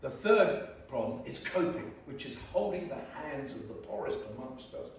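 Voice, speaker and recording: A man's voice: medium pitch, lively intonation, normal speed, a little hiss or hum. A man giving a blunt, emphatic, jokey speech to a community meeting in a church hall. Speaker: guest panellist. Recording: very echoey church hall, far from mic.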